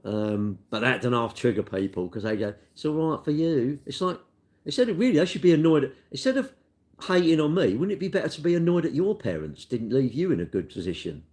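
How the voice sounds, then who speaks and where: Fast and a little mellow, this middle-aged man's medium-pitched voice swings widely in pitch. A car dealer on a live stream, he answers viewer comments in a chatty, meandering way, tossing in tags such as "innit".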